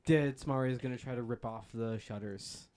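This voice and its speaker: A man's voice: mid-range voice, a little fast, darkish tone. A man playing a tabletop game, describing his character's actions in brief plain statements. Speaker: player.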